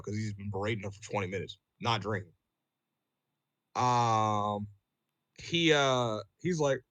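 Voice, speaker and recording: A man's voice: lowish voice, slow, long pauses, no echo. Profane man telling a story casually. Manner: profane, animated, lots of "bro" and fillers. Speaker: podcast host telling a story.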